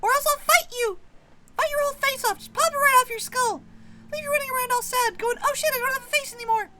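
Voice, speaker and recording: A tiny shrill feisty maggot girl. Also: fast, heavy background noise. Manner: shrill, shouty, eager to fight. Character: tiny squeaky aggressive female maggot girlfriend. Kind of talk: game dialogue voiced by streamer.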